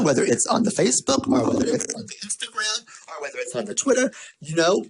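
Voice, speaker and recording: A man with a fairly high voice delivers a motivational marketing talk. He tells stories, repeats his points for emphasis and throws in playful asides. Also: creaky, slightly rough, poor audio. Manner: lively, repetitive, storytelling delivery with playful asides. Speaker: marketing speaker.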